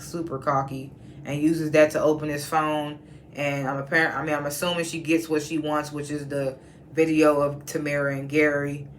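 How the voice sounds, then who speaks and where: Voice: mid-range voice, fairly bright tone, a little hiss or hum. A TV reviewer casually recapping an episode, retelling scenes in a conversational way with quoted lines and personal asides.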